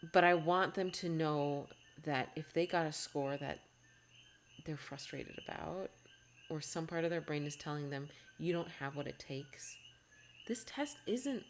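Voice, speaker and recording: A woman's voice: sits low, a little hiss or hum. A woman hosting a podcast as a test-prep coach, talking in a heartfelt, encouraging way and often restarting her sentences. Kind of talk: earnest podcast monologue.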